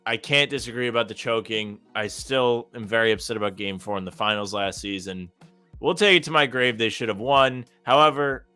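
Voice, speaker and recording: A young man co-hosting a live sports talk show, talking in a calm, measured way with dry teasing. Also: mid-range voice, smooth, no echo, faint music behind. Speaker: podcast co-host.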